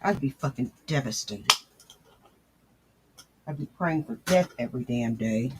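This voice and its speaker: A man's voice: medium pitch, expressive, a little slow, heavy background noise. A male commentary host reacting to clips in a crude, profane, sneering manner.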